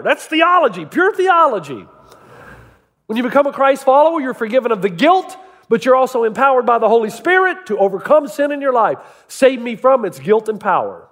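A man preaching a sermon, telling stories and asking his listeners rhetorical questions in an animated way. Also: extremely high pitch, normal speed, long reverb tail. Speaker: pastor.

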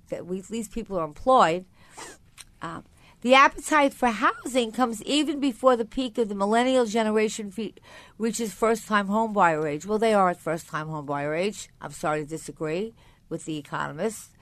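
A woman's voice: medium pitch, a bit bright, no room sound. An older woman hosting a radio talk show, chatty and rambling, often correcting herself mid-sentence. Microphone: studio mic.

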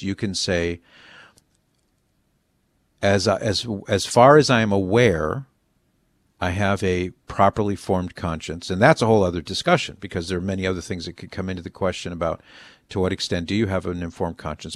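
Male host, very low voice, dry close sound, thoughtful and deliberate. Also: dry recording. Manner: measured, deliberating, frequent restarts. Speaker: host answering a caller. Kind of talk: call-in advice on faith.

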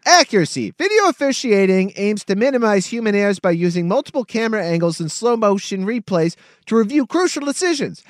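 A man reading as a flat AI chatbot. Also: high voice, fairly quick, no room sound, studio quality. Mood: formal. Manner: flat, formal read-aloud delivery. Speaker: co-host. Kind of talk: comedic radio sports talk.

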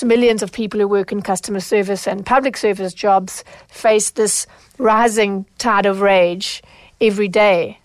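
A woman's voice: mid-range voice, no room sound. Dry-voiced woman podcast host. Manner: animated when retelling, acts out quoted lines. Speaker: podcast host, consumer advocate. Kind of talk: solo podcast storytelling.

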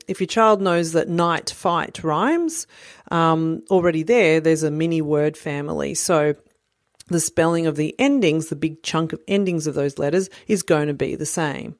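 A woman's voice: on the low side, a little mellow, no room sound, clean studio sound. A woman in her thirties explaining early literacy skills to parents in a friendly, explanatory way, with frequent "you know" fillers. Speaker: parent educator. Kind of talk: instructional talk to parents.

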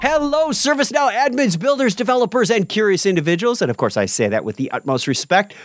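An upbeat man hosts a tech podcast, his fairly high voice swinging up and down with energy. He is recorded close and dry, with no room sound at all. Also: fast, no echo, soft background music. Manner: upbeat, animated, self-correcting. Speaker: podcast host. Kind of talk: podcast hosting, scripted intro then casual chat.

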